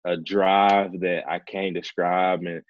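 A young man with a very low, deep voice tells a personal story in an easygoing, heartfelt way, peppering his speech with "like" and "man." The sound is dry and a little dull, as if recorded close to the mic with a muffled, lo-fi tone. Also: slow, no echo. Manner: relaxed, earnest, heavy use of "like" and "man". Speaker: professional baseball player as guest. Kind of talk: casual storytelling in conversation.

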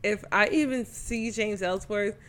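Casual co-host, young woman; animated, outspoken, laughs easily. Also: medium pitch, measured pace. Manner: animated, swearing, laughs often. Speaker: podcast co-host. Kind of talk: casual chat.

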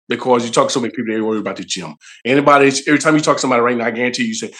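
A man's voice: medium pitch, rapid-fire, few pauses, fairly bright tone. A man, a fitness trainer guest, giving blunt, motivating advice in a casual interview. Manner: blunt, motivating, plain-spoken.

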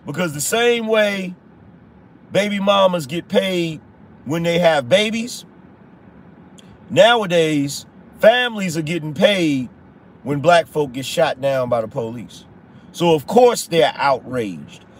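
High-pitched blunt male podcast host. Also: slow pace, pauses often. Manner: blunt, emphatic, repeats rhetorical questions; casual slang, swears. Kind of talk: conservative opinion commentary.

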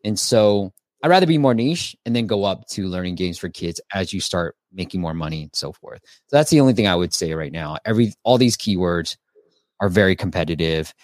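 A man's voice: deep voice, lively intonation, fairly quick, no echo, clean studio sound. A man hosting a casual live stream, reviewing apps and giving advice in a chatty way with lots of fillers.

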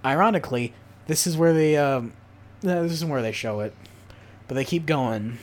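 A man's voice: a little high, moderate pace. A man co-hosting a podcast, casually chatting and recapping a plot in a rambling, profane way. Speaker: podcast co-host. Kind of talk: casual chat.

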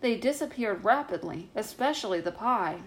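A woman reading a bedtime story aloud as narrator, calm and measured. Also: mid-range voice, a little hiss or hum, rough recording.

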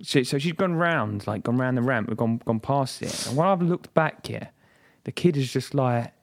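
A man's voice: medium pitch, animated, normal speed. A young man, chatting casually as a podcast co-host, rambling with stammers, restarts and plenty of swearing. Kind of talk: casual chat.

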